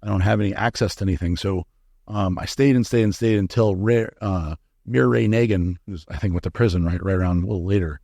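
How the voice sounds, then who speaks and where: Low gravelly man telling a frank story. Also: fairly quick, warm tone, dry recording, studio quality. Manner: frank and profane, with many fillers and restarts. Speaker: interview guest. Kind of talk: candid storytelling in a podcast interview.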